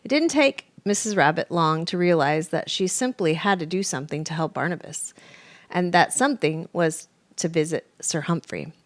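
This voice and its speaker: A woman reading a children's picture book aloud with lively, expressive storytelling. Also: on the low side, moderate pace, no echo. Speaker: storybook reader.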